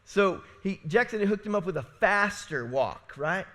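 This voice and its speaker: A male pastor delivers his sermon in a church sanctuary, expressive and at a moderate pace, telling it like a story and asking "right?" again and again. He alternates between loud, emphatic statements and quiet, low passages.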